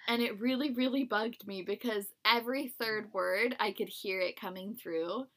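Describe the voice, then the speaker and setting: A young woman co-hosting a podcast in casual chat, chatty and giggly, with quick asides. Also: medium pitch, a bit bright. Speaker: podcast co-host.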